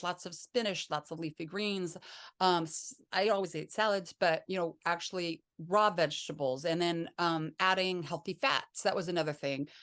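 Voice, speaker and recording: A woman's voice: lowish voice, a bit bright. A woman talking as an interview guest, rambling and hesitant, with many restarts. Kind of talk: conversational interview.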